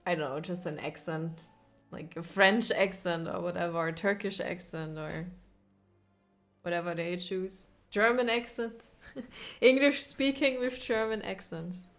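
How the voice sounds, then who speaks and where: A woman's voice: fairly low pitch, a little slow, fairly bright tone, soft background music. A woman streaming a video game, chatting casually and playfully with her viewers and laughing often. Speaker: gaming streamer. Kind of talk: casual live-stream commentary over gameplay.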